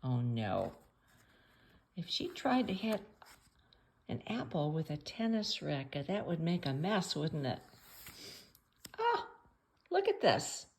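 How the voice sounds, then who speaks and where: A woman reading a picture book aloud at home for children, playful and chatty, pausing to ask the listener questions. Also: deep voice, huge pitch swings, a little hiss or hum.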